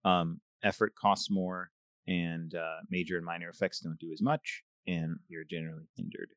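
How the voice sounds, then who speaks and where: A man's voice: deep voice, little pitch movement, moderate pace, a bit bright, no room sound, clean studio sound. A man running a tabletop game as game master, explaining rules and thinking aloud with restarts.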